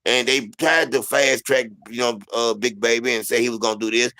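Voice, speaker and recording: A man's voice: medium pitch, fairly even intonation, a little fast, sharp tone, low-quality recording. A man hosting a casual sports talk show, rambling and repeating himself with lots of "you know what I'm saying".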